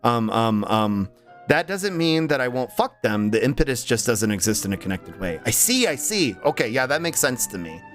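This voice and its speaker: A man's voice: mid-range voice, big pitch swings, moderate pace, faint music behind. A man streaming and chatting casually with his viewers, rambling with lots of ums and restarts, his voice tired and strained. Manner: rambling, many um and uh restarts, laughs easily. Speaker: livestreamer. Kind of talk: casual stream chat, reading chat aloud.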